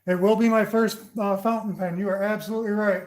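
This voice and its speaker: Guy, high-pitched, relaxed shop talk to live chat, echoey workshop. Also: quick pace. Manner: chats with viewers by name, reads comments aloud. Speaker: woodturner streaming live. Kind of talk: casual livestream chat while working. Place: workshop with a lathe. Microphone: camera set up beside the lathe. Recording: roomy workshop echo.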